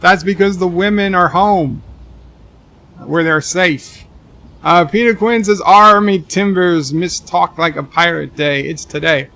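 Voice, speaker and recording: A man streaming a game live, reading viewer comments aloud and answering them with deadpan jokes and rambling asides. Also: high-pitched, measured pace, creaky. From Texas. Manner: rambling asides with many restarts. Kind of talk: live-stream chat reading while gaming.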